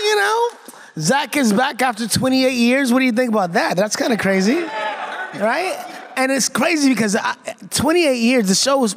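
A man in his fifties speaking as a guest at a convention panel, energetic and playful, talking straight to the crowd on a stage mic. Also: high-pitched, big-room sound, a little hiss or hum. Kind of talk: lively convention panel talk. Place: convention stage before a live audience.

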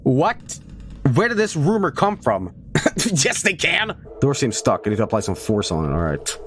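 A man's voice: mid-range voice, sing-song, moderate pace, a bit bright, a little hiss or hum. A man streaming a video game, chatting casually with jokes and swearing. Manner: joking, rambling, swearing.

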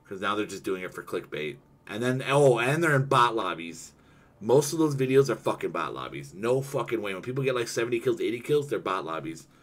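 A young man on a gaming stream, his voice sitting a little low as he rants and swears in loose, heated chat. He talks to a teammate while he plays. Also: big pitch swings, a little fast. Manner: profane, ranting and heated.

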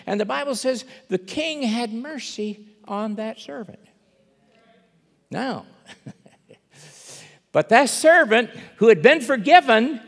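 A man's voice: extremely high pitch, in a large hall. A man preaching a sermon as a guest speaker, telling a parable with emphatic, acted-out dialogue. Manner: animated storytelling, acting out parable dialogue, emphatic. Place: church sanctuary.

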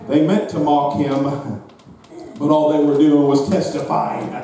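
A man preaching a sermon as pastor in a church, his fervent delivery swinging into shouted, sing-song peaks. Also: a little high, flat delivery, a little slow. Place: church sanctuary. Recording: echoey hall from far off.

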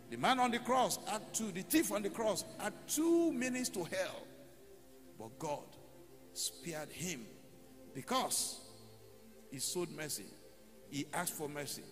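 A male pastor preaching a sermon, telling short stories and leading the congregation in prayer. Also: fairly high pitch. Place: church hall. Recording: long church hall reverb, faint music.

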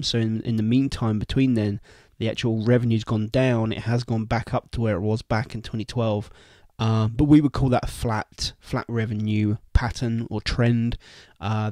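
A man hosting a casual stock analysis vlog, chatty and informal, his voice croaky and nasal from a cold. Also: mid-range voice, darkish tone, dry recording, studio quality. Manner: chatty, informal, talks straight to viewers. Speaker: investing video host.

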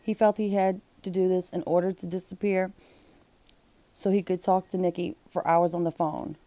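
A woman's voice: on the low side, flat delivery, moderate pace, warm tone, no echo. A woman reading a book aloud and breaking off for blunt, exclaiming comments. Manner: blunt, exclaiming asides between read passages.

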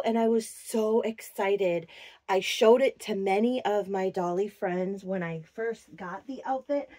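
A woman from Minnesota, an adult who works in a clinic, speaks in a slightly high, darkish voice captured cleanly in the studio with no echo. As a doll collector vlogger, she casually shows off doll clothes, gushing and cooing over every tiny detail.

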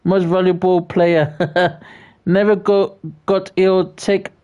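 A livestream host from Britain, chatting casually and reading out viewer messages, often stammering and repeating words while giving friendly shout-outs. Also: medium pitch, flat delivery, takes it slowly, clean tone, lo-fi sound.

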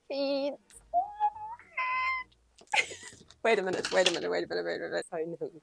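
A woman vlogging casually from her small home dance studio, excitable and gushing as she talks to the camera. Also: a little high, unhurried, vocal fry, pauses often, slight background noise. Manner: excitable, gushing, breathless with delight. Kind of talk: casual vlog unboxing.

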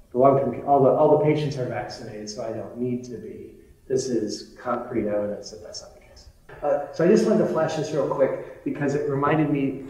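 Man, middle-aged, physician, informal lecture, candid, conversational, mellow tone, distant mic in echoey hall. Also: medium pitch. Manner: conversational, candid, self-deprecating, with fillers. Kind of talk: informal medical grand rounds lecture.

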